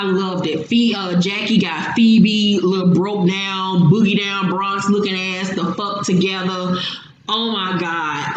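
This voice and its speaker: A woman's voice: on the low side, highs cut off. Brash, profane woman in an echoey room. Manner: brash, profane, slangy, laughs often. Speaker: reality TV reaction host. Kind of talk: casual reaction recap. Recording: very echoey room, faint hiss.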